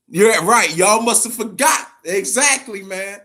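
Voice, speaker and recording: A man hosting a boxing channel in casual live-stream talk, animated and profane, dropping "man" at the end of nearly every phrase. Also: sits high, a little slow, few pauses.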